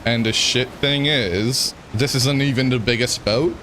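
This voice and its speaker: Brief: male streamer, unhurried self-mocking gameplay chatter, faint game ambience behind. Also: medium pitch, pushed and bright, a little hiss or hum. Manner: rambling, self-mocking, chuckles often. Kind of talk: gameplay commentary.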